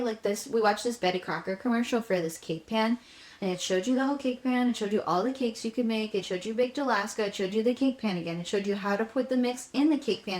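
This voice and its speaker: A young woman co-hosting a casual nostalgic podcast chat, telling stories with animated asides. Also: fairly high pitch. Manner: animated storyteller, acts out commercial voices. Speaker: podcast co-host. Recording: roomy echo, backup audio.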